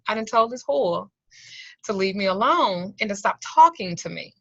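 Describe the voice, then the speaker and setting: A woman's voice: mid-range voice, expressive, normal speed, gravelly, sharp tone, no echo. A woman, teaching an online occult class and telling blunt, profane stories. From Southern United States. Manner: blunt, profane, theatrical storyteller. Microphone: video call. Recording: dull lo-fi video-call audio.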